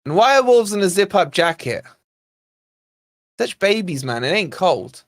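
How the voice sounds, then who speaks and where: A man's voice: sits high, sing-song, measured pace, no echo. A man hosting a football watch-along stream, chatting, joking and mildly swearing to viewers. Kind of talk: casual live-stream chat and commentary.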